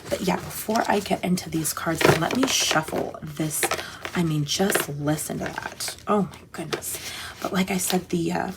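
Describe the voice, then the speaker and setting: Chatty, gushing woman with a lowish voice. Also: normal speed, very noisy. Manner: gushing, chatty, rambling with self-interruptions. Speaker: tarot channel host. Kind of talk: casual chat.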